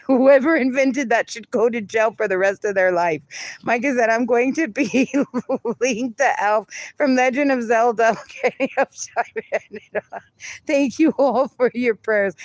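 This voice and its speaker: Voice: mid-range voice, no room sound. A livestreamer in casual chat who reads viewer comments aloud and laughs often.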